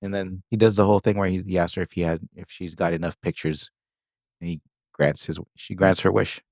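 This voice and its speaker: With fairly even intonation, a low, darkish voice, and a fairly quick pace, the co-host chats about a movie's plot, full of fillers and quoted lines. It's dry, studio-quality audio.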